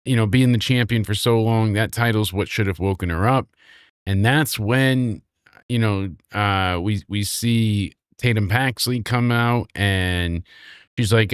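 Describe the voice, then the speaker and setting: A man hosting a casual wrestling review chat, rambling through animated recaps and dropping quick impressions of the people he describes. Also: lowish voice, clear, resonant tone, dry recording, clean studio sound. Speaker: wrestling show reviewer, host.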